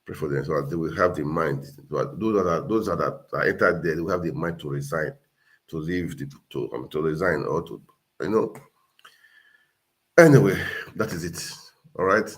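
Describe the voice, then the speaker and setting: A man's voice: extremely low pitch, normal speed. A man hosting a casual livestream, earnestly urging viewers and repeating himself. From Nigeria. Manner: earnest, repetitive, exhorting. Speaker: livestream host.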